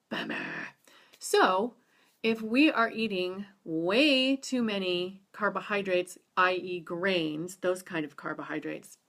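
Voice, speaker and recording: A woman's voice: lowish voice, fairly bright tone. A woman hosting a casual live-stream talk on nutrition, chatty and rambling, greeting viewers by name.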